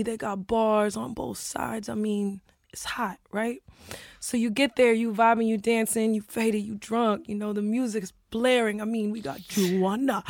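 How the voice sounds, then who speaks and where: A woman's voice: fairly high pitch, no room sound, studio quality. A young woman casually telling a story on a podcast, acting out dialogue with gasps and laughs.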